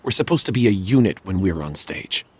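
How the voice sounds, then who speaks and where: A man's voice: sits low, lively intonation, brisk, darkish tone, a little hiss or hum. A man voicing a worried young stage actor in a video game, earnest and hesitant, stumbling over his words. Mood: uneasy.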